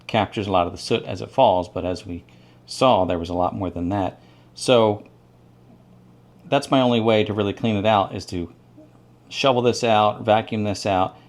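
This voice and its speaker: A man hosting his own home-repair video, explaining each step plainly and thinking aloud as he works. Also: lowish voice. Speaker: DIY channel host. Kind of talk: casual how-to narration.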